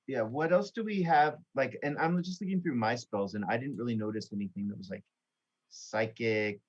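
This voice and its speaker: Man, tabletop game player, rambling, hesitant, mid pitch, dull lo-fi sound. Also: normal speed, slightly rough. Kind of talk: casual chat during a tabletop game. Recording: dull lo-fi audio.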